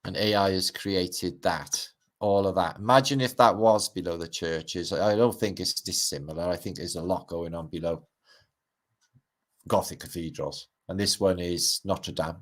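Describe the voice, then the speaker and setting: A middle-aged man from Wales hosts a livestream, speaking in a low voice at a moderate pace. He rambles casually over pictures, tossing in wry asides and casual swearing.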